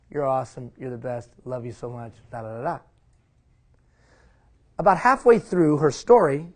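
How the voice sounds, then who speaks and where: A middle-aged man giving a live leadership seminar, emphatic, repeating key phrases and putting questions to the audience. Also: fairly high pitch. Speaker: leadership trainer.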